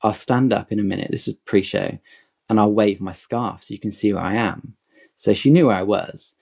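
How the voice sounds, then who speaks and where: A man's voice: fairly low pitch, moderate pace, creaky, slightly rough. A man in his forties telling a long fan story in a casual podcast chat, acting out quotes as he goes. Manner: animated, digressive anecdote with acted-out quotes.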